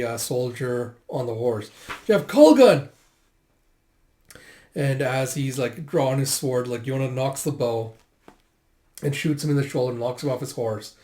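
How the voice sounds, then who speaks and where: A man's voice: medium pitch, fairly even intonation, normal speed, darkish tone, reverberant. A man casually reading through a manga aloud, narrating the scenes with lots of fillers and hiccuping now and then. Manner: reads all dialogue aloud in raised voices, filler-heavy. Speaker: manga readthrough host.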